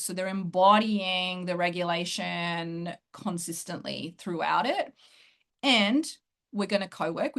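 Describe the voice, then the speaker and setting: A woman coach talking through her group program in a casual interview, excited and quick to laugh. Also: mid-range voice. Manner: excited, laughs often, fast bursts. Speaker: host and coach.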